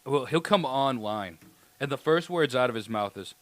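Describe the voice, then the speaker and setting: Man, podcast co-host, playful, lively swinging pitch, laughs at own jokes, dry close sound. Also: moderate pace, no echo. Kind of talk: casual podcast banter.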